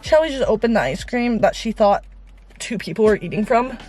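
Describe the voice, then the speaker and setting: A woman's voice: fairly high pitch, lively intonation, fairly quick, darkish tone. Rambling candid young woman in her car. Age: late teens. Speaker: Christian influencer vlogger. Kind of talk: casual confessional vlog. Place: inside a parked car. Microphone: on-camera mic.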